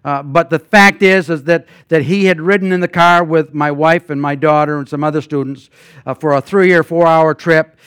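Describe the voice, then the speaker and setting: An older man preaches as a guest pastor, spinning homespun stories full of fillers and false starts. His smooth, slightly high voice rises into loud emphatic passages and drops to quiet asides. The sound is dry and close. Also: fairly even intonation, normal speed, no room sound. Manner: folksy storytelling with many fillers and restarts. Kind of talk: sermon.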